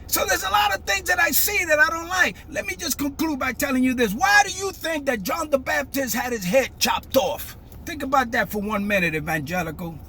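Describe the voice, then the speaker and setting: Older new guy ranting hard, super high bright voice, yells a lot. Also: expressive, fairly quick, few pauses, a little hiss or hum. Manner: fiery, emphatic, breaks into shouting. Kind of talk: impassioned monologue.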